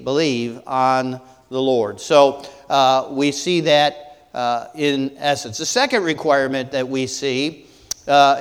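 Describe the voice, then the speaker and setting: List: man, pastor preaching, rhetorical questions, halting restarts, resonant tone, echoing church hall. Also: medium pitch, clear, resonant tone. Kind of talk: sermon.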